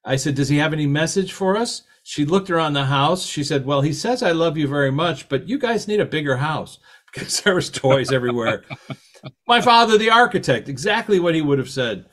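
A middle-aged man with a lively, anecdotal way of talking, telling stories in a talk and acting out the quoted voices. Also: a little high, brisk. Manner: animated, anecdotal, laughs at his own stories, acts out quotes. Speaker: author and podcast host giving a talk. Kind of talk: storytelling talk.

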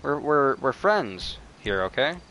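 Excitable young man gaming with friends. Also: mid-range voice, slow, slight background noise. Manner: excitable, profane, teasing. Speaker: gamer. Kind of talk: casual gameplay chat with friends.

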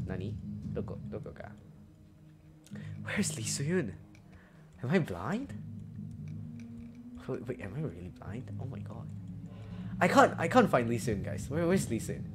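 Male streamer, mid pitch, very animated delivery, loud swearing bursts between low mutters, music underneath. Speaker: game streamer. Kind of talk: live gameplay commentary. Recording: music playing behind the voice.

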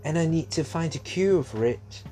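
A man's voice: fairly high pitch, lively intonation, normal speed, mellow, faint music behind, voice pushed up, lightly acted. A man voicing a young boy who is earnest and curious, asking eager questions in a raised voice.

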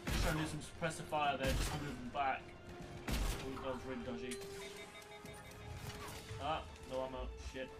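This gaming YouTuber speaks in a steady, medium-pitched voice at a moderate pace, pausing often. His commentary is casual and rambling, he sounds tired and curses at mishaps, and game music and effects play loudly underneath.

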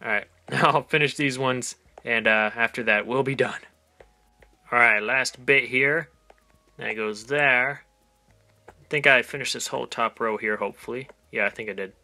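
A man's voice: medium pitch, normal speed, pushed and bright. A man casually narrating his own game as he plays, rambling with frequent ums and little laughs. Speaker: gaming channel host. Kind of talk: casual let's play commentary.

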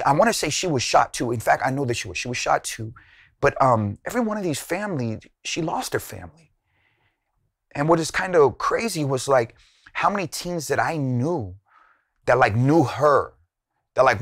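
A man's voice: a bit bright, no room sound, studio quality. A man host recounting a personal story in a casual, slangy way, full of fillers and retold dialogue. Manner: casual, many fillers and slang, retells dialogue with rising pitch. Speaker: youth minister and show host.

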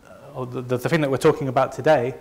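A man's voice: mid-range voice, steady tone, quick pace, gravelly, darkish tone. Chatty Leeds man presenting. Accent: Northern English, Leeds. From north of England. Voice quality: conversational, self-deprecating, frequent restarts. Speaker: company presenter. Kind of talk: conference presentation to a live audience.

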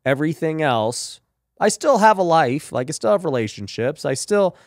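A man's voice: on the high side, big pitch swings, normal speed, dry recording, clean studio sound. Emphatic man hosting a podcast. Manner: emphatic, frequent "you know" and "right?". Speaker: podcast host. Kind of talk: casual faith and business talk.

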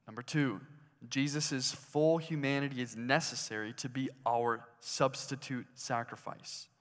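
A man's voice: medium pitch, steady tone, slow, pauses often. A man preaching a sermon in a conversational way, asking his listeners questions as he goes. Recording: hall reverb.

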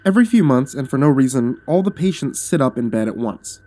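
In an animated way, a man narrates a first-person horror tale, his delivery hushed and measured, sinking lower whenever the tension rises.

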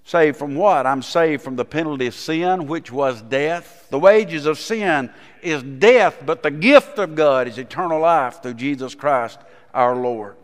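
In a church sanctuary with long reverb, a pastor preaches a sermon in a folksy, storytelling way, putting questions to the congregation. His voice sits on the high side and moves a little slowly.

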